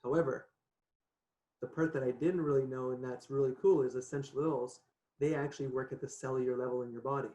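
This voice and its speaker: Male guest, mid pitch, animated casual storyteller, echoey video call audio. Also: brisk. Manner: chatty, animated, laughs often, says "right?" a lot. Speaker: podcast guest. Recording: echoey room.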